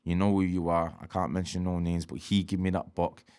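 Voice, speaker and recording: A man's voice: sits low, little pitch movement, fairly quick, darkish tone, clean tone. A man, talking candidly as a podcast guest, streetwise and swearing freely, often asking "do you know what I mean". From Manchester. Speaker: interview guest, rapper.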